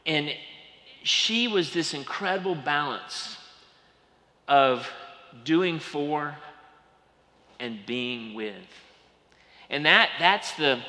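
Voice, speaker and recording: A Southern man from Georgia preaches with a very bright, ringing voice, telling homey stories and sinking into soft asides. His words carry a long reverb through a large church. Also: a little high. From Atlanta, Georgia. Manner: folksy storytelling, rising and dropping to quiet asides. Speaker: pastor. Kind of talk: sermon.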